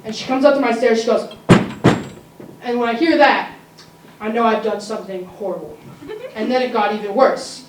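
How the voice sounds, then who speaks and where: A woman's voice: on the high side, moderate pace, pauses often. A teenage girl telling a funny personal story at a live school story slam, with comic asides to the audience. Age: teens. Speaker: student storyteller. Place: school auditorium. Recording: roomy, distant mic, faint noise.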